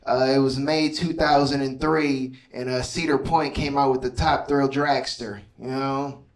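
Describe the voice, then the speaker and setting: A man's voice: mid-range voice, steady tone, unhurried. Stand-up comic man in a roomy club. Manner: conversational, keeps asking the crowd "you know what I mean". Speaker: stand-up comedian. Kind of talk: stand-up comedy set. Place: comedy club stage before a laughing audience. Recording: roomy live club sound from far off, crowd laughter.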